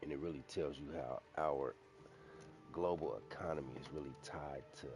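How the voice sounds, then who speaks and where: A man's voice: rumbling low, fairly even intonation, moderate pace, over music. A man talking casually on his own channel, rambling with restarts and self-corrections as he goes. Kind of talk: casual solo commentary.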